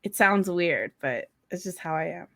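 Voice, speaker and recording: A woman's voice: lowish voice, expressive, moderate pace, a bit bright. A middle-aged woman and mother co-hosting a casual chat, blunt, swearing freely and laughing often. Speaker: podcast co-host, mother.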